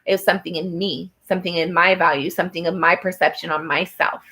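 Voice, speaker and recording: A woman's voice: on the low side, fairly even intonation, fast talker, bright, forceful tone, poor audio. A woman doing a personal tarot reading who talks to the viewer in an earnest, encouraging way, with many fillers and restarts. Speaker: tarot reader.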